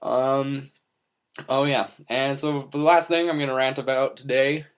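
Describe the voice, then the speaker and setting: A man's voice: mid-range voice, steady tone, moderate pace, clear, resonant tone. A young man vlogging off the cuff, rambling in a playful, goofy way about movies. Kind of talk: unscripted monologue to camera.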